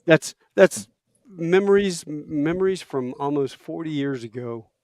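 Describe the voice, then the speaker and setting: A man's voice: a little high, unhurried, no echo, studio quality. A man in his late fifties, a podcast host, telling casual stories and laughing often. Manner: animated, laughs often, does loud impressions of drill instructors. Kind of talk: casual storytelling chat.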